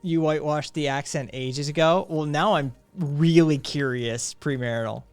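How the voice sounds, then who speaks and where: A man's voice: on the high side, normal speed, darkish tone, smooth, dry recording, faint music behind. A man hosting a live stream, chatting casually, reading viewer comments aloud, blunt and profane with sarcastic laughs.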